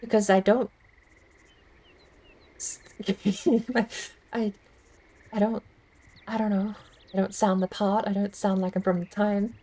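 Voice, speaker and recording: Thinking aloud while streaming a game, this woman rambles casually and pokes fun at herself. Her medium-pitched voice is dark and level, slow with long pauses, and the recording is rough.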